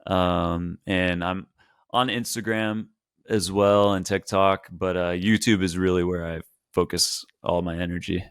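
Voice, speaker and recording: A man's voice: deep voice, level tone, a little slow, clean tone, no room sound, clean studio sound. A man talking as a podcast guest, thoughtful and rambling, full of "like" and "um.". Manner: thoughtful, rambling, filler-heavy. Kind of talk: casual podcast conversation.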